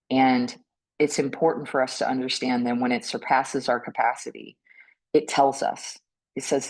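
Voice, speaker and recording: Earnest woman panelist, gentle reflective talk. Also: very deep voice, rough recording. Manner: gentle and earnest, often ends points with a questioning "right?"; frequent restarts and repeated words. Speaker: panelist speaking on mental health.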